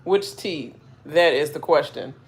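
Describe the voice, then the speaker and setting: A woman's voice: low-pitched, measured pace. A woman chatting casually on a live reaction stream, rambling with lots of fillers and asides. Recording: faint background noise.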